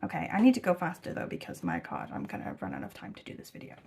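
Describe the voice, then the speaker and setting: A young American woman chatting casually to camera about her travels, rambling and animated, with lots of fillers and swearing. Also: lowish voice, fast, vocal fry, husky. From United States. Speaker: travel vlogger. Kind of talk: casual chat.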